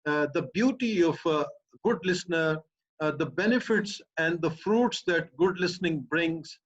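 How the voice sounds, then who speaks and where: In a muffled, lo-fi recording, a man with a Pakistani English accent, a professor, responds to a student's questions. He explains emphatically, stacking repeated phrases, in a slightly high voice at a slightly slow pace.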